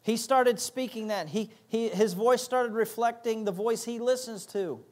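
A man's voice: very high voice, measured pace, darkish tone. A man pastor preaching a sermon, emphatic, repeating key phrases and acting out little asides.

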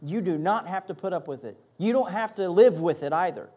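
A man preaching a sermon as an associate pastor, animated and emphatic, often repeating words and laughing as he goes. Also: high voice, a little fast, husky.

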